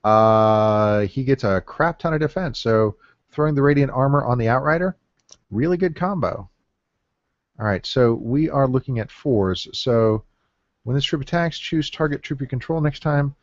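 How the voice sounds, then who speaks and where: A gameplay commentator drafts in a card game, offering casual deck-building commentary as he thinks aloud with many fillers, counting under his breath. His medium-pitched voice keeps a moderate pace, captured on a dull, lo-fi, dry mic.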